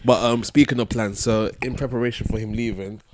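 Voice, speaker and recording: A man co-hosting a podcast in a relaxed chat, his voice stuffy from a cold and hay fever, laughing often and restarting his sentences. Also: medium pitch, brisk. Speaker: podcast co-host. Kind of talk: casual chat.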